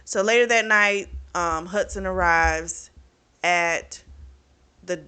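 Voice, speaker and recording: A book reviewer with a lowish, slow, clear and resonant voice recaps a plot casually. Her animated retelling is chatty, full of fillers, and peppered with frequent swearing.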